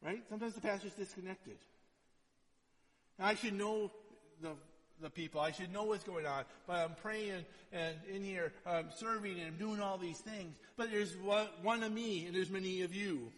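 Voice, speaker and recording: A man's voice: high-pitched, moderate pace, fairly bright tone, long reverb tail. A male pastor preaching a conversational sermon, who often checks in with his listeners by asking "right?".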